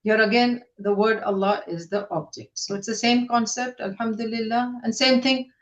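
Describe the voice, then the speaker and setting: A woman teaching Quranic Arabic grammar in a recorded online lesson, patiently repeating each word slowly so learners can copy it. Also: a little high, fairly even intonation, muffled recording. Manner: patient, repeats words slowly to model pronunciation.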